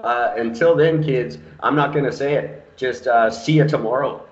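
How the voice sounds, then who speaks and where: Profane Canadian podcast host, roomy lo-fi. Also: male voice, mid-range voice, moderate pace. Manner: profane, ranting, jokey impressions. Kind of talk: casual podcast chat. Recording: roomy, dull lo-fi home recording.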